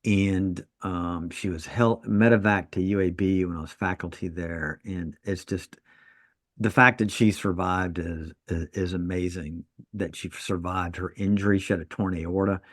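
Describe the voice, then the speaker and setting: A man's voice: deep voice, steady tone, measured pace, no echo, clean studio sound. A man co-hosting a podcast, a trauma surgeon telling stories in casual chat and laughing at his own jokes.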